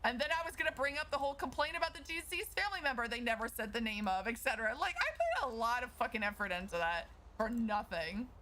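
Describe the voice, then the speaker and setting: A woman streamer chatting casually out of character to her viewers, animated, swearing freely and laughing through her frustration. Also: on the high side, fast, hardly any pauses, slight background noise, rough recording. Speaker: streamer playing a lawyer in roleplay.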